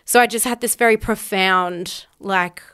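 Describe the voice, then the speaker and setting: A woman's voice: mid-range voice, fairly even intonation, a little slow, pushed and bright, clean tone. A woman podcast host telling a personal story in an emphatic, candid way, swearing freely.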